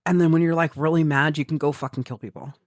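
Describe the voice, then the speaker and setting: This podcast co-host from the American Midwest has a low-pitched voice and talks fast, captured dry and clean in a studio. Her gaming stories come in casual conversation, full of free swearing and lively quoted asides voicing what she was thinking.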